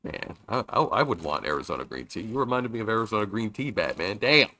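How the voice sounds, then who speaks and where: Young man, game streamer, bright tone, playful rambling commentary with loud bursts. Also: fairly low pitch, big pitch swings, fast. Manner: chatty, jokey, reads game lines with loud outbursts. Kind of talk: casual let's-play commentary reading dialogue aloud.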